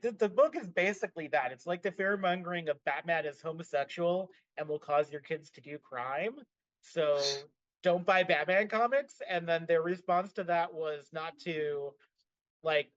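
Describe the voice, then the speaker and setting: A man's voice: on the high side, measured pace, dry recording, highs cut off. A man co-hosting a podcast in casual chat, talking animatedly and filling his sentences with "like". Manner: animated, frequent "like" fillers. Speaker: podcast co-host.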